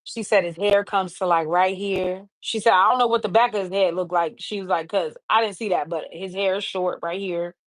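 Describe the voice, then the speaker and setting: A woman host on a livestream earnestly retells a story she heard, returning again and again to "she said". Her voice sits at an ordinary middle pitch. The sound is close and dry, with no room around it. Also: steady tone, normal speed, hardly any pauses, no echo. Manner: earnest retelling with many repeated "she said" asides.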